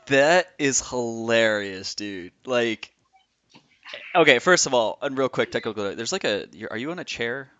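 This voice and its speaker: A man hosting a podcast interview, enthusiastic and quick to laugh as he retells conversations. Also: medium pitch, animated, fairly bright tone, dull audio. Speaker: podcast host.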